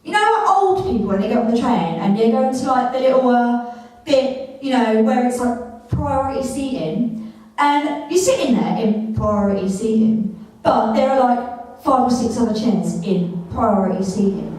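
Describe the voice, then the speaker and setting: A woman's voice: on the high side, lively intonation, normal speed, a little mellow, close to an everyday voice. A young woman playing a sweary girl venting about trains. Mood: exasperated. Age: young adult. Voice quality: sweary, exasperated storytelling. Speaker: student actor. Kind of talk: improvised comic monologue. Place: university rehearsal room. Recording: echoey rehearsal room, mic far off.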